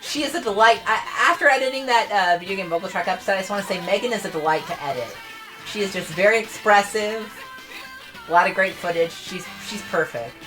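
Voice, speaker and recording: A woman co-hosting a retro game stream, chatting in an animated, jokey way. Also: mid-range voice, fast, faint music behind, rough recording. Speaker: stream co-host. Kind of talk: casual let's-play commentary.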